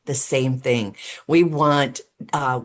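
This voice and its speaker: A middle-aged woman speaking as a guest in a podcast interview. She explains things earnestly and step by step, often pausing on "um". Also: a bass voice, steady tone. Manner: earnest and explanatory, with frequent um fillers; talks through steps as if laying out a case. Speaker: guest, road safety advocate.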